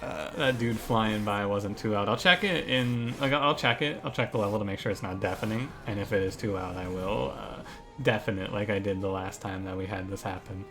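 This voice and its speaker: A man's voice: on the low side, fairly quick, bright, forceful tone, faint music behind. A young man giving casual commentary on a card game as he streams it, thinking aloud with many restarts. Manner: thinks aloud, restarts, gets ranting and exasperated. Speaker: gaming streamer.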